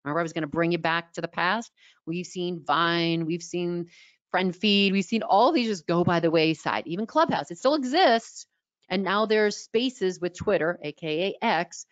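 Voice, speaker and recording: A middle-aged woman from New York with a slightly raspy voice and a New York accent, coaching a webinar audience with lively energy and repeated key words. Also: lowish voice, moderate pace, no room sound. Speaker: social media coach. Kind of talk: webinar teaching. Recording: dull, dry sound.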